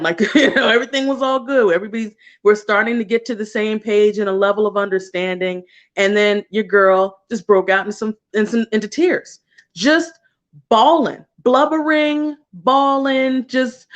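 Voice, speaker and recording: Chatty, laughing woman card reader. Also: on the low side. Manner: chatty, laughs often, casual slang and swearing. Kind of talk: casual livestream talk.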